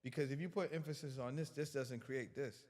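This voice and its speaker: A man's voice: medium pitch, brisk, a little mellow, long reverb tail. A man guest on a podcast giving a casual motivational talk, emphatic and colloquial, repeating words as he builds his point.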